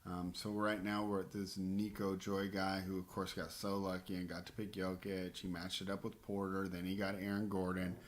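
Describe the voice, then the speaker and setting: A man's voice: low-pitched, monotone, normal speed, hardly any pauses. A man hosting a fantasy basketball show, talking casually as he drafts and thinking aloud with many fillers. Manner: frustrated rants at a rival drafter. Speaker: fantasy basketball podcast host.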